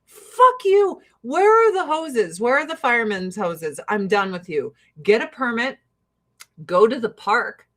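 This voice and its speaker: A woman in her forties with a notably high voice, ranting to her livestream viewers. She swears freely and turns heated and sarcastic. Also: very animated, measured pace, fairly bright tone.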